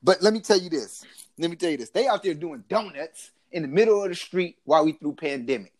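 A man from Oakland co-hosting a podcast, telling stories in casual banter, laughing often and breaking into loud shouts. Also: on the high side, expressive, fairly quick. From Oakland, California. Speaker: podcast co-host.

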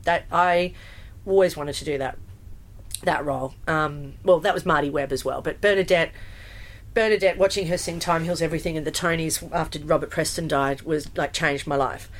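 Woman, musical theatre performer, animated interview chat, slightly low pitch. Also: normal speed. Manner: chatty, animated, many fillers and restarts. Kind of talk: casual interview storytelling.

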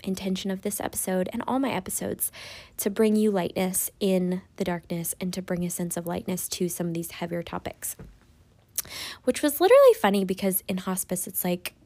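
A woman's voice: mid-range voice, expressive, a little fast, a little mellow, no room sound. Sniffly, playful woman podcast host. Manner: playful, rambling, laughs often. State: sniffly after crying. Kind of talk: casual spiritual podcast monologue.

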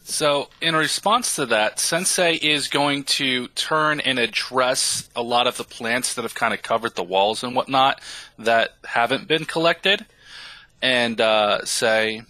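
A man describes his character's moves at a tabletop game, slow and relaxed, thinking aloud as he goes. His voice is very bright and sharp, recorded dry and close. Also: medium pitch, no echo. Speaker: player. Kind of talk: casual tabletop game play.

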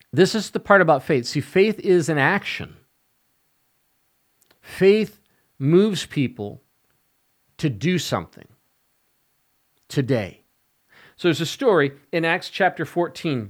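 Slow, emphatic male evangelist. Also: fairly high pitch. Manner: slow, emphatic preaching with rising stress on key words. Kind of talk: podcast sermon.

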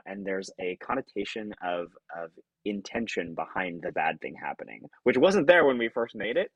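A Californian actor appears as a podcast guest in a conversational interview, speaking earnestly and reflectively. He acts out remembered thoughts with sudden jumps in pitch. The recording is dry and the audio poor.

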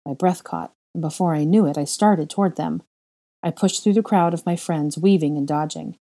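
Low, mellow woman narrating a story. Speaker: audiobook reader. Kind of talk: first-person fan fiction narration.

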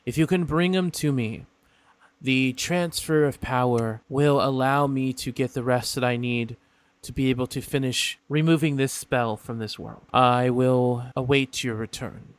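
Guy doing a slow solemn dragon god, all grand proclamations, talking through a statue. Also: mid-range voice, steady tone, lightly acted.

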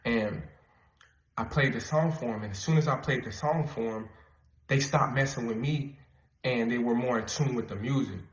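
A man's voice: mid-range voice, moderate pace. A man podcaster telling a story casually and earnestly, rambling and often repeating his words. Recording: roomy echo.

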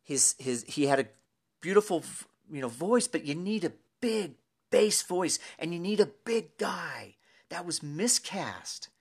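A man's voice: medium pitch, expressive, normal speed, slightly rough, pitched above the performer's own voice. A man quoting a careful, candid male neighbor. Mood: measured critique. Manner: careful, hesitant, choosing his words.

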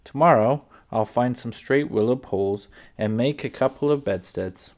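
A man's voice: medium pitch, normal speed, darkish tone, natural voice. A man reading aloud, voicing a cheerful, kind pioneer father who speaks heartily. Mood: hearty.

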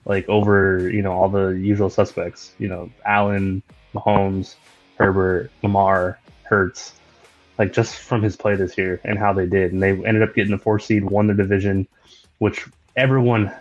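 A man with a lower voice co-hosts a sports podcast and talks football in a loose, rambling way. He leans on fillers as he chats, and faint music plays under him. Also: little pitch movement, moderate pace, dull audio. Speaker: podcast co-host. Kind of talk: casual chat.

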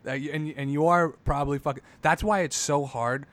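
A man in casual podcast chat, talking emphatically with lots of swearing and getting loud as he makes his points. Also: fairly high pitch, fairly even intonation, a little fast. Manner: emphatic, profane, builds into loud rants.

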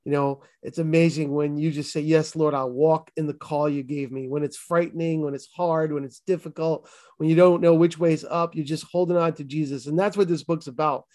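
A pastor and author from Massachusetts, a man in his fifties with a Boston accent, gives his testimony as an interview guest, earnest and emphatic but stumbling over restarts. His voice is fairly high and darkish, with fairly even intonation and a slightly fast pace.

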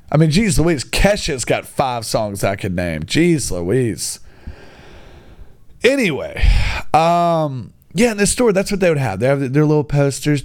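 Animated young man telling a rambling story. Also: medium pitch. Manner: rambling, animated, mocking quoted voices. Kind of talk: comedic storytelling monologue.

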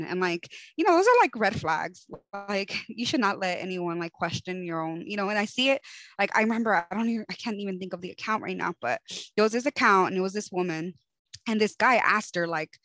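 A woman's voice: mid-range voice, expressive, brisk, a bit bright, no echo, rough recording. A young woman co-hosting a podcast, chatting casually and giving advice with lots of fillers and tag questions. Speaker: podcast co-host. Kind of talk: casual chat.

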